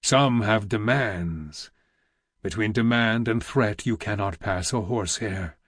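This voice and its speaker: A man reading an audiobook, voicing a weary, heavy old vizier who speaks slowly in a deep, rumbling, almost whispered growl. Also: no room sound, studio quality. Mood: grave. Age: older. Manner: slow, grave and weighty.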